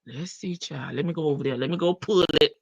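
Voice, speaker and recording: A woman's voice: sits low, fast, vocal fry. A woman hosting a casual live stream, chatting and laughing with her viewers in as she reads updates. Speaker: livestream host. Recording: dull lo-fi stream audio.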